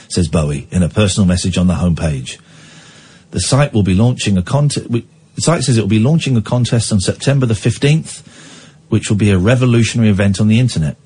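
A man's voice: fairly low pitch, fast, a little mellow, husky. A man hosting a radio phone-in, rambling and chatty, reading news items aloud with asides. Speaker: radio show host. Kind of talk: casual talk radio with listener calls.

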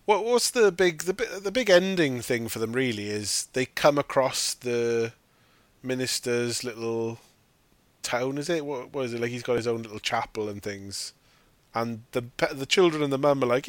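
Animated and speaking at a normal speed, a man with a medium-pitched voice hosts a podcast conversation about a film, recorded dry. He curses freely and laughs while ridiculing the characters in put-on quotations.

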